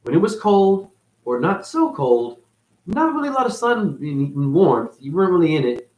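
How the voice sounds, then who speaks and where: Man, rambling spiritual monologue, swearing, lively swooping pitch, muttered asides and sudden excited bursts. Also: moderate pace, rough recording. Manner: profane, swings between mutters and excited bursts. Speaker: spiritual video host.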